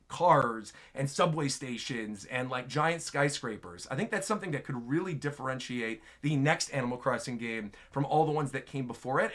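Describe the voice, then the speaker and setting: A man's voice: medium pitch, fairly bright tone. A man hosting a casual gaming show, answering viewer questions in a chatty, enthusiastic way, often filling with "like" and "right?".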